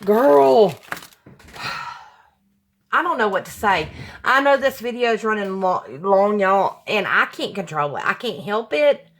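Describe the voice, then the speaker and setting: A woman's voice: medium pitch, sing-song, moderate pace, fairly bright tone. A woman, hosting her crafting channel from home, gushing and apologetic and often sighing with emotion. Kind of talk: casual chat to camera. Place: home room with hardwood floor.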